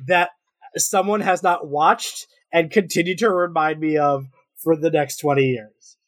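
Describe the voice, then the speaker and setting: A man with a slightly raised voice tells blunt stories in casual chat, cursing freely and getting animated when he acts out what people said. The talk is loose and conversational. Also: fairly high pitch, a little slow. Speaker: podcast co-host.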